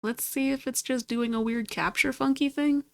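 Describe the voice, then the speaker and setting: A woman's voice: sits high, fairly even intonation, moderate pace, creaky, dry recording. A woman streaming herself at her computer, chatting casually to herself and getting exasperated and swearing at the game. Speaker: gaming streamer. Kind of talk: casual chat while playing a computer game.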